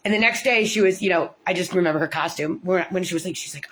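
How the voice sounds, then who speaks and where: An American woman in an angry personal rant, swearing often, filling with "like", and jumping up in pitch when she gets indignant. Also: fast talker, hardly any pauses, fairly bright tone. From United States. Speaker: parent telling about her court case.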